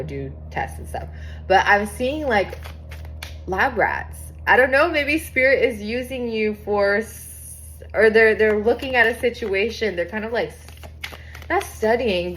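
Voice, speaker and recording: A young woman giving a casual tarot reading to her viewers, chatty and excitable, swearing freely and reading card texts aloud. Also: mid-range voice, slight background noise. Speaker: tarot reader.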